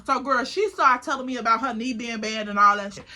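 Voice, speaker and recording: Bright, high-pitched woman telling a story. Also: fairly quick. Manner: chatty, profane, keeps addressing the listener as "girl". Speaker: vlogger. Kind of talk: casual storytime.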